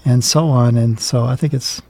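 A man co-hosting a religious talk show, speaking in a gentle, reflective way. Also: medium pitch, steady tone, moderate pace, creaky, no echo.

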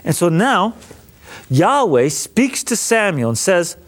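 A man, a priest, teaching the Old Testament in a lively lecture, acting out the speakers in the story. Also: high voice, slow. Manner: animated, acts out biblical speakers in casual voices. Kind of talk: lecture on scripture.

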